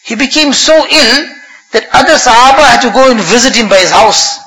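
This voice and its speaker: A man preaching a sermon with passion, his voice rising and falling, reciting Arabic phrases quickly between English explanations. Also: extremely high pitch, bright, forceful tone. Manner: impassioned, rises and falls, recites Arabic quickly. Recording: long hall reverb.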